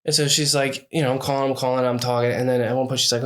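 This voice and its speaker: This man co-hosts a casual podcast chat and tells a long story in an animated way. He slips into quick impressions of the people in it and swears often. The tone stays relaxed and conversational. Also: medium pitch. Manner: animated storytelling, acting out what others said, frequent swearing. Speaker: podcast co-host.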